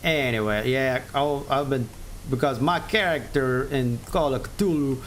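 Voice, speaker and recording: Slow-talking man streamer, rambling. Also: mid-range voice, a bit bright, slight background noise. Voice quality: rambling, self-correcting, often laughing at himself. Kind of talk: casual live game-stream chat.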